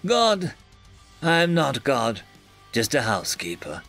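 A man's voice: a little high, big pitch swings, moderate pace, vocal fry, fairly bright tone, faint music behind, heavily acted. A man voicing an old, sly human housekeeper who mocks a visitor in a storybook reading. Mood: puzzled. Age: older.

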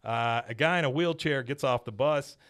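A man hosting a podcast, giving a casual, animated scene-by-scene recap of an episode. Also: mid-range voice, moderate pace, clean tone. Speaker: podcast host.

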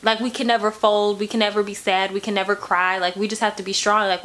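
This woman reacts to a song from her bedroom in casual vlog-style commentary, talking a bit fast with few pauses at a medium pitch. Emotional and animated, she gushes over the track and doesn't hold back on profanity.

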